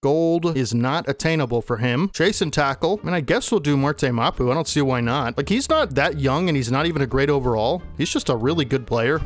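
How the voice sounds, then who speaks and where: A young man giving live commentary over his football video game, excitable and trash-talking the computer players. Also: mid-range voice, brisk, soft background music. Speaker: gaming YouTuber.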